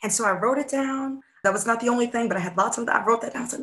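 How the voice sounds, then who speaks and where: A woman coaches on faith during a casual podcast chat, speaking very fast in a slightly high voice. She tells a lively story, acting out the dialogue and sometimes dropping to a hush.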